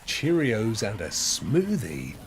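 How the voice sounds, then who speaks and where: A man's voice: lowish voice, huge pitch swings, slow pace, a little hiss or hum. A man streaming a video game, chatting in a rambling way with frequent laughs. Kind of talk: casual gameplay commentary.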